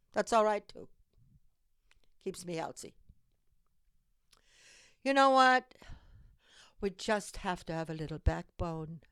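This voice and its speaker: Slow, emphatic woman urging action. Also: a little high, clear, resonant tone, no room sound. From Europe. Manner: urgent, exhorting, emphatic repetitions. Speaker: host of a civic call-to-action show. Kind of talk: impassioned direct-to-camera monologue.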